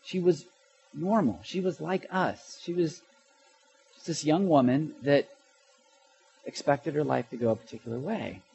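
A middle-aged man preaching a sermon, telling a personal story in an animated way that swings from loud to hushed, with stammers and restarts. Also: a little high, measured pace, gravelly, long pauses, dull audio, a little hiss or hum. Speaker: pastor.

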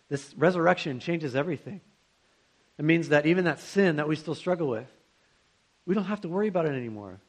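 A man's voice: fairly high pitch, animated, a little fast. A young man preaching a sermon to students, in a conversational and earnest way, with rhetorical questions.

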